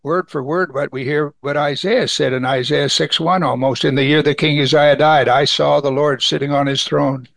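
A man with a fairly high, gravelly voice preaches through a scripture passage, reading verses aloud and then talking them over plainly with his listeners. The sound is dry and close. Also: steady tone, moderate pace, hardly any pauses, fairly bright tone, dry recording. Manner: reads scripture aloud and comments conversationally. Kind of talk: sermon.

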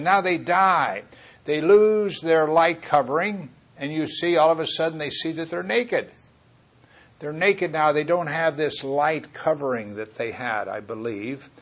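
A man preaching a Bible teaching sermon, earnest and rambling, often correcting himself mid-thought. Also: on the high side.

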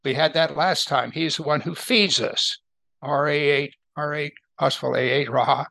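A man's voice: on the high side, steady tone, moderate pace, gravelly, pushed and bright, no echo. An older man teaching a Bible study in a conversational way, often checking in with his listeners. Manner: conversational, asks listeners to agree.

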